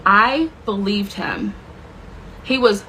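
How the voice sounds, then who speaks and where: A woman's voice: medium pitch, slow, sharp tone, a little hiss or hum, low-quality recording. A woman telling a dramatic personal story with plenty of swearing, intense and emotional in her retelling. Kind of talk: personal story told to camera.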